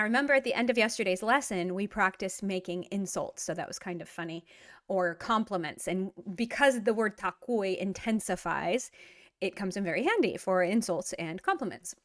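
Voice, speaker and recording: A woman hosting her own online language lesson, talking in an upbeat, chatty way with frequent fillers. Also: medium pitch. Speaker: Russian language teacher.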